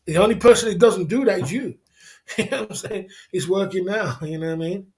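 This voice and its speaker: Guy ranting to his stream chat, quick and a bit high, keeps repeating himself and chuckling. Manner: repetitive, emphatic, chuckling between points, keeps asking "you know what I mean". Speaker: livestream host. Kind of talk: casual livestream rant.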